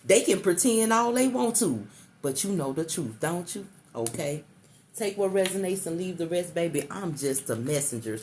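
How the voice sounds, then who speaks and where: Middle-aged woman, tarot reader, low voice, coaxing and repetitive, faint noise behind. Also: very animated, normal speed, darkish tone. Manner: repetitive, coaxing, calls listener baby. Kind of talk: intuitive tarot reading to the viewer.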